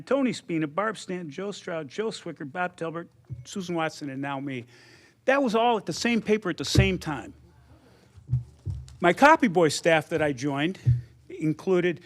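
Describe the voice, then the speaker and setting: An older man giving an anecdotal acceptance speech, telling his story conversationally and acting out quoted dialogue. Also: fairly high pitch. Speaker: hall of fame inductee.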